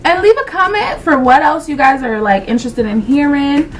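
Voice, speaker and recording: A young adult woman telling a storytime on her vlog, animated and slangy, swearing freely and acting out what people said. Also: high-pitched, moderate pace, recorded from a distance, slight background noise. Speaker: vlogger. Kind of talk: casual storytime.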